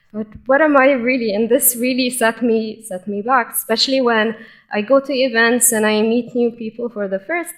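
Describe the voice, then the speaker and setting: A young woman gives a personal, informal conference talk on stage with lively enthusiasm. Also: on the high side. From Egypt. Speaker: conference speaker.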